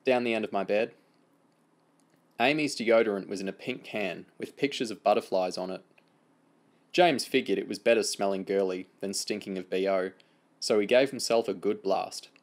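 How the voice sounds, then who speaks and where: A man with a lowish voice reads a novel aloud as an audiobook reader. His narration is steady and even. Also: normal speed.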